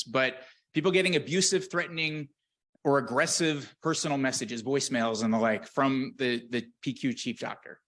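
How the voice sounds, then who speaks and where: Brief: male scientist presenting at a conference, mid-pitched, earnest and candid, dry self-deprecating humor. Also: fairly bright tone. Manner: earnest and candid, with filler words and restarts. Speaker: research scientist giving a conference talk.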